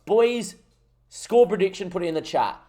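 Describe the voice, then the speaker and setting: A young Australian man streaming a football management game, commentating the match live and getting excited at goals while talking to his chat. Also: sits high, moderate pace. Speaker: gaming streamer.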